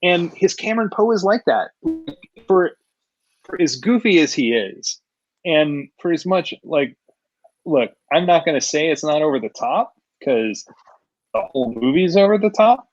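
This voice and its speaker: A man's voice: fairly high pitch, expressive, normal speed, highs cut off. A man hosting a casual chat, talking about movies in an enthusiastic, opinionated way. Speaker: host.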